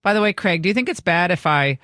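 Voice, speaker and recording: A woman hosting a talk show, brisk, teasing and opinionated as she chats with callers and guests. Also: on the low side, expressive, fairly bright tone, no echo, studio quality. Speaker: talk radio host. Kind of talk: opinionated talk radio monologue and chat.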